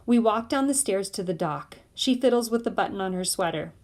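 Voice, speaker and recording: A woman reading a novel aloud in steady first-person narration. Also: medium pitch, brisk. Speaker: audiobook reader.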